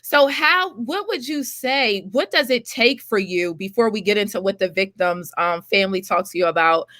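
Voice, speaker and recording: A woman's voice: medium pitch, moderate pace, fairly bright tone, no room sound. A woman hosting an interview, asking eager, probing questions. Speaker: host.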